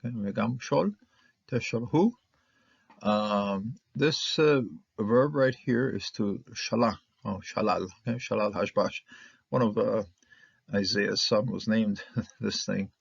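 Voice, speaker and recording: A man teaching a casual Bible Hebrew lesson, halting and full of fillers, sounding out syllables one by one. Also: on the low side, vocal fry, husky, no room sound, muffled recording.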